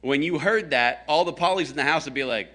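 A man's voice: on the high side, fairly quick, pushed and bright. A man from the American South preaching a conversational sermon, telling a story with jokes aimed at his congregation. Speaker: pastor.

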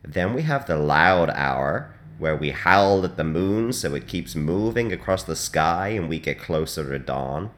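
A man hosting a comic hospital radio show in a dry, deadpan monologue with sudden loud jumps. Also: sits low, measured pace, few pauses.

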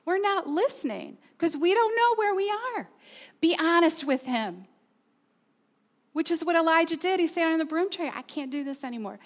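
A middle-aged woman pastor preaching a sermon, earnest and personal, asking her listeners questions. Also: very high-pitched.

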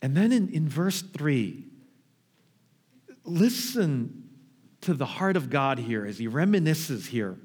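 Animated, higher-voiced male preacher. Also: slow, long pauses, breathy edge. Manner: animated storytelling, acts out scenes with big pitch jumps. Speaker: pastor. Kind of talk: sermon.

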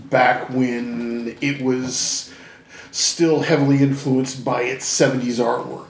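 A man's voice: medium pitch, steady tone, slow. A man co-hosting a casual podcast, meandering through his thoughts with many fillers. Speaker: podcast co-host. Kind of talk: casual chat. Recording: roomy echo.

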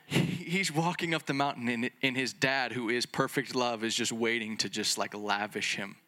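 A man preaching a sermon in an excitable, conversational way, full of fillers and restarts, sometimes acting out little dialogues. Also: medium pitch, normal speed. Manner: acts out little dialogues between Jesus and the Father.

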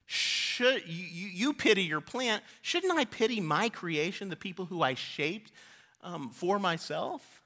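A man's voice: sits high, expressive, measured pace, bright, forceful tone, voice pushed up, exaggerated voice. A man preaching speaks the lines of God, reasoning with a prophet through pointed questions, in close to his own voice. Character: patient questioning male God, teaching. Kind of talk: sermon storytelling.

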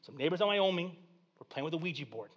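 A man's voice: on the high side, quick pace, lo-fi sound. A man from Flint, Michigan preaching a sermon, telling stories and acting out voices. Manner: animated storytelling, acting out voices. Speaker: pastor.

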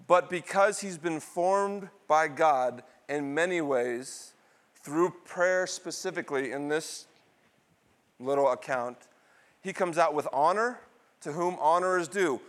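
A middle-aged man preaching a sermon, asking the congregation questions and answering them, with dramatic swings between loud bursts and quiet, low asides. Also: unhurried. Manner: call-and-response questions, dramatic swings in pitch and loudness. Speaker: pastor.

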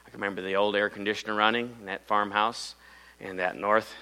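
A middle-aged man from Iowa preaching a sermon, telling a story dramatically and swinging between loud emphasis and hushed low lines. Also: fairly even intonation, fairly quick, clean tone, low-quality recording.

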